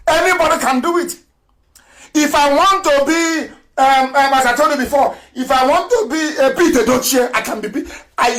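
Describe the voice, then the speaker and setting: A middle-aged man giving a fiery political radio broadcast, mocking his opponents and breaking into shouts and laughter. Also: very high-pitched.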